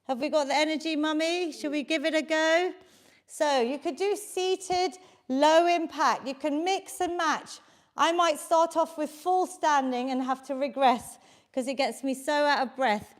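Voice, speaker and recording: A high-voiced woman leads a live workout class, unhurried and encouraging as she counts reps aloud. She is out of breath from exercising along, holding a handheld mic in a basement home studio. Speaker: fitness instructor.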